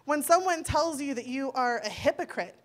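A woman's voice: sits high, expressive, moderate pace. A woman in her thirties preaching a sermon in a conversational way, acting out quoted dialogue as she goes.

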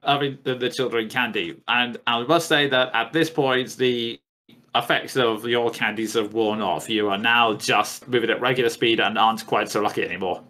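A man narrating as game master, halting and often restarting his words. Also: medium pitch, steady tone, sharp tone.

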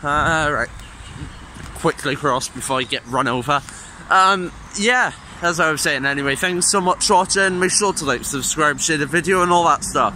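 A young Welsh man chats offhand into his phone as he walks outside along a busy street, swearing loosely as he rambles. His voice is very bright and sits a touch high for a man. Cars go by faintly behind him. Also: normal speed. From Wales. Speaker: gaming YouTuber. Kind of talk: casual vlog chat. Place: outdoors on a busy street, walking to a bus stop. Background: passing traffic.

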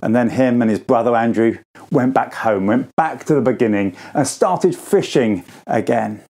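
Guy giving a school assembly talk, gravelly and mellow, chatty storytelling, pops his voice up high for the quotes. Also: normal speed. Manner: informal, acts out quoted lines with pitch jumps.

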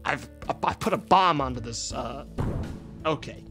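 Excitable streamer man yelling at a game. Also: medium pitch, moderate pace, soft background music. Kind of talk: gaming livestream commentary.

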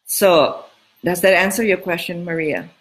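A woman's voice: fairly low pitch, a little slow. A middle-aged woman coaching women on dating, answering listener questions in a frank, emphatic way that repeats key words. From Southern California home. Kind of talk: casual advice talk.

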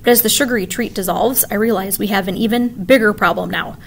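Female teacher, storybook read-aloud; expressive, clear, soft background noise. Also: mid-range voice, quick pace. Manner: expressive, animated reading. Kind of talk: reading a children's book aloud.

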